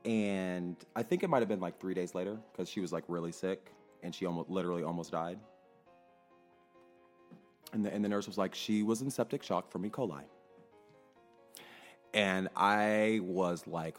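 A man telling a story about his work at a research clinic in a casual, animated, exasperated way, swearing freely. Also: deep voice, normal speed, faint music behind.

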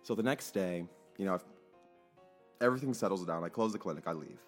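Man, low voice, lively storytelling, emphatic, faint music in the background. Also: brisk. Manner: animated, emphatic, swears freely. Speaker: clinic worker telling a story. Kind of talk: casual storytelling monologue.

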